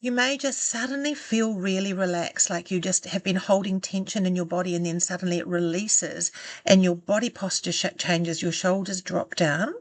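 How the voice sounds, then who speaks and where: A woman coaching self-love, giving calm, gentle and encouraging step-by-step guidance that slows down for the exercises. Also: fairly low pitch, no room sound. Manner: calm, gentle and encouraging, slowing down for guided steps. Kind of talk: guided self-help instruction.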